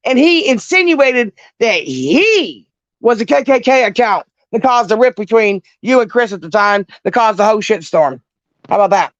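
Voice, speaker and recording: Profane, animated middle-aged woman caller. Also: on the high side, normal speed, no room sound, muffled recording. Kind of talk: casual chat.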